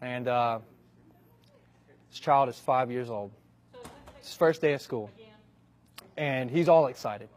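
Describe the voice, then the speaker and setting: A man telling a long comic story in a relaxed, conversational way. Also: medium pitch, slow pace, long pauses. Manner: relaxed, conversational with animated shifts. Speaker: comedic storyteller. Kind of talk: stand-up style joke narration.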